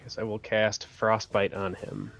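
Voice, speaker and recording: A man's voice: fairly low pitch, little pitch movement, a little slow, a bit bright, faint music behind. A man playing a tabletop game, hesitantly thinking aloud through his move. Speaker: player.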